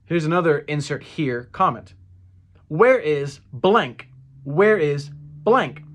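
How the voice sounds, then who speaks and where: A man with a slightly raised pitch walks through a casual language lesson. He repeats each phrase slowly, stumbles, and corrects himself with easy fillers. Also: expressive, fairly bright tone. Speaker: Spanish phrase teacher.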